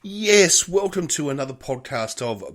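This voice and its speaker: A man with an Australian accent co-hosting a casual podcast chat, laughing often and quick to apologise. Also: fairly high pitch, lively intonation. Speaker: podcast co-host. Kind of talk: casual chat over cocktails. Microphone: remote virtual studio setup.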